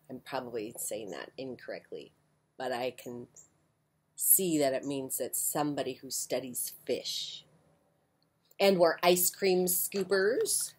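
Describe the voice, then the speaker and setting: A woman reading a children's picture book aloud with an expressive voice, breaking off for soft, chatty asides. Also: fairly low pitch. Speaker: children's story reader. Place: porch, outdoors.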